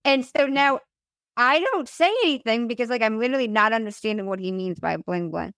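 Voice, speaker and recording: Young woman yapping thru a wild travel story, swears a lot, acts out every line, smooth clear voice, dry sound. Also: on the high side, a little fast, dry recording. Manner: animated, profane, acts out quotes. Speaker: podcast host telling her story as guest. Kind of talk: casual storytelling chat.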